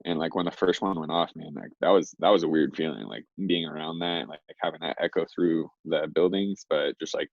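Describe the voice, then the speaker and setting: A man's voice: extremely low pitch, fairly quick, gravelly, few pauses, dry recording. A young man, a guest in an interview, telling a story casually and rambling, with lots of fillers. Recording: dry, slightly dull lo-fi recording.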